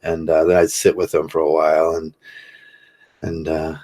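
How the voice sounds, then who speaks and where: An older man hosting a livestream, talking casually in a rambling, halting way with many fillers while he reads chat comments. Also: extremely low pitch, monotone, darkish tone. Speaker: livestream host.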